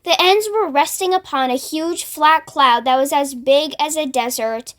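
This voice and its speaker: A woman reading a children's book aloud in an expressive storytelling manner. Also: high-pitched, measured pace.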